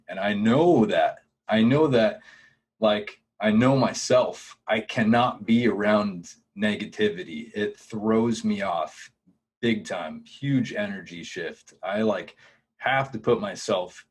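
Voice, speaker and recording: Deep husky-voiced man, earnest podcast guest. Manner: earnest, reflective. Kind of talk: casual conversation.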